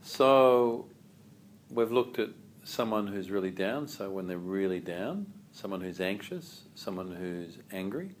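A man teaching a yoga class, calm and asking the group questions. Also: deep voice, unhurried, slight background noise.

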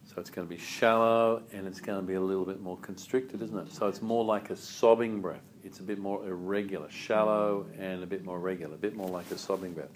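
A man teaching a yoga class, calm and asking the group questions. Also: deep voice, a little fast, few pauses, a little hiss or hum.

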